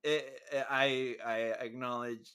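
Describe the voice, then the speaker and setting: A man's voice: medium pitch, fairly even intonation, a little slow, crowd noise. A man co-hosting a podcast in loose, joking chat, laughing often and slipping into joke voices. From Mexico. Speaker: podcast co-host. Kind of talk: casual podcast banter.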